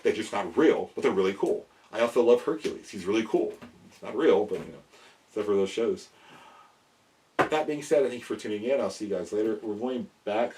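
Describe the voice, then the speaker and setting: A young man hosting a casual explainer vlog about prehistoric animal figures, rambling and animated, often cutting himself off and chuckling at his own asides. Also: lowish voice, fairly quick, distant mic, slight background noise.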